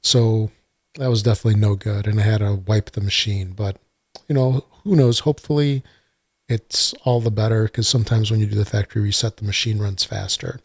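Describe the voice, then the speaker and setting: Recorded on a desktop computer mic with no room sound, this man hosts a laid-back solo gaming podcast. He rambles with plenty of uhs and some dry sarcasm, and his voice is on the low side, steady, fairly quick, and slightly rough.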